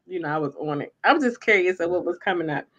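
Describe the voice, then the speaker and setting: A woman's voice: fairly low pitch, lively intonation, quick pace, fairly bright tone. A woman co-hosting a casual podcast chat about sports, talking in a colloquial, teasing way. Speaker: podcast co-host. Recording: dull lo-fi sound.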